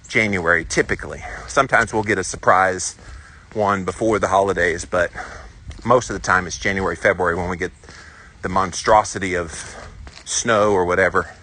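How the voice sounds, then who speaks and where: A Southern man in his forties talks through a casual walk-and-talk, rambling and upbeat as he answers viewers. His voice sits fairly low yet sounds bright and forceful. Faint outdoor noise hums behind him. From South Carolina, US. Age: 40s. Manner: chatty, rambling and upbeat while walking. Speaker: vlogger answering live viewer comments. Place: outdoors on a hilly walking trail.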